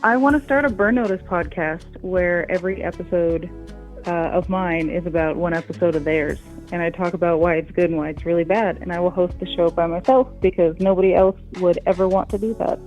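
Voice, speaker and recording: A man's voice: high voice, brisk, a little mellow, soft background music. A man from New England joining a livestream, chatting casually and joking at his own expense. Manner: joking, self-deprecating, laughs a lot. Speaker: guest on stream.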